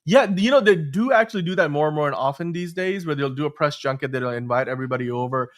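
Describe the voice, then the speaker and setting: A man's voice: on the high side, animated, fast talker. A man hosting a casual pop-culture podcast, reading viewer comments in an upbeat, chatty way. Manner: upbeat, chatty, laughs easily.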